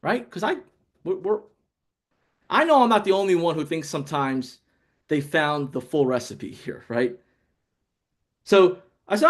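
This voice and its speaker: A man giving a casual motivational sales talk to camera, excitable and telling stories with acted dialogue. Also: a little high, normal speed, long pauses. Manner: excitable, storytelling with acted dialogue, many restarts. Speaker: sales coach.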